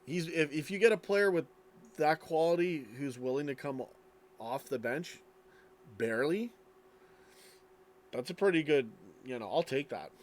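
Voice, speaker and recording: A man's voice: fairly high pitch, animated, measured pace, pauses often. Sleepy rambling man streaming late. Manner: rambling, tired, trailing off. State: sleepy, yawning. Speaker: streamer reading live chat. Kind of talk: late-night casual live stream chat.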